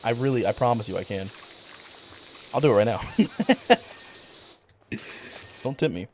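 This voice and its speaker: A man's voice: medium pitch, measured pace, a little mellow, slight background noise. A young man streaming a game, chatting casually in a rambling way, with many fillers and frequent swearing. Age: young adult. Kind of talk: casual chat while gaming.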